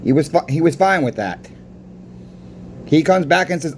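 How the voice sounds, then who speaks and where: A man who runs a coin shop tells a story straight to his viewers in a casual vlog. His voice sits a little high, and he stumbles over and restarts his words as he goes. A faint hum of background noise runs underneath. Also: animated, moderate pace. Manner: stammers and restarts words while recounting a conversation.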